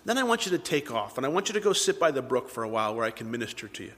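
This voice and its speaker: A man's voice: medium pitch, very animated, racing. Man preaching in a reverberant hall. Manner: swings from loud emphatic peaks to hushed near-whispers. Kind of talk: sermon.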